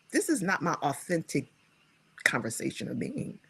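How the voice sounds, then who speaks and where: A woman guest speaker, a scholar and writer, telling her personal story in a reflective, animated way. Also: on the low side, moderate pace, husky. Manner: animated, acts out her own past dialogue.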